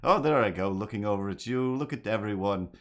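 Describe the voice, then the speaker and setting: A fairly low-voiced man hosts a casual livestream from home while he draws. He rambles in a goofy, self-mocking way, and his voice sounds a bit worn. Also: a little fast. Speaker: livestream host and artist. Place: home apartment.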